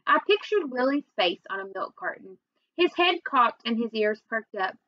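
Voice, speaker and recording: A woman reading a children's novel aloud, with expressive first-person storytelling. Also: a little high, moderate pace, dry recording, dull audio. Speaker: reader.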